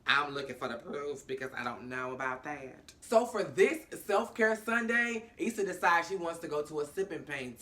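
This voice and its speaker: Woman, AAVE, casual TV recap, animated, slangy and cursing, acts out the characters, bright forceful tone. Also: sits low. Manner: animated, acts out characters' lines in different voices; slangy and profane. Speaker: TV episode recap host.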